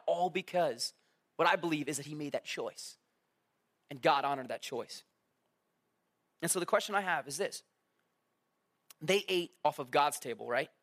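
A man with a notably high voice gives a relaxed, conversational sermon. He speaks casually and tosses in asides and questions to his listeners. He often slips into little acted-out quotes as he tells the story. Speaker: preacher.

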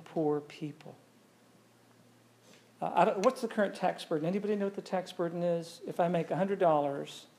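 A man delivering a sermon with a gravelly, dark voice. He talks to the congregation in an easy, conversational way and keeps asking them questions. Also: on the high side. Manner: conversational, asks the audience questions. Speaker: pastor.

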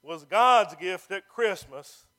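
A man's voice: high voice, lively intonation, slow, bright, forceful tone. A man preaching a sermon as pastor, building to emphatic calls and stretching out key phrases.

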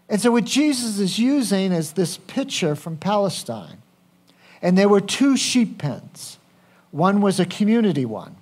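A man's voice: sits high, sing-song, normal speed, darkish tone, breathy edge. A man preaching a sermon, speaking conversationally and asking the congregation questions. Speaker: pastor.

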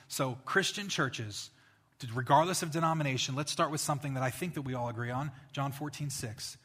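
A man preaching a sermon as pastor, telling stories and growing animated when he quotes others. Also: mid-range voice, brisk, breathy edge, long reverb tail.

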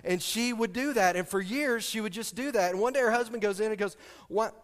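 A middle-aged pastor with a high-sitting voice talks fast as he preaches a sermon. He tells stories, asks the congregation questions, and adds joking asides, all with a long hall reverb on the recording.

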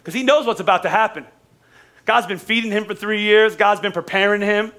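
A man, a pastor preaching a lively, joking sermon in a church service, repeating phrases for emphasis. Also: high voice, brisk.

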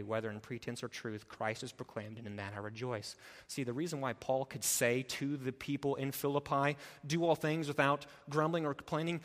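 A man preaching a sermon as pastor, passionate, swinging from loud emphatic stretches to quiet, low appeals. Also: big-room sound. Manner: impassioned, rising to loud emphatic preaching then dropping low.

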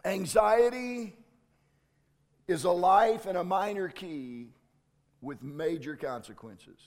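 A man preaching a sermon as a pastor, slow and deliberate with dramatic pauses. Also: high-pitched, big-room sound.

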